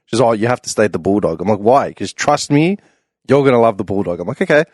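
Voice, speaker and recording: A young Australian man spins a rowdy travel story in an easygoing chat, laughing as he goes and jumping up loud for the lines he quotes. The recording is dry and close, with no room around his voice. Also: on the low side, quick pace, slightly rough, no room sound. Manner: animated, acts out quoted voices loudly, laughs often. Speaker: podcast panelist.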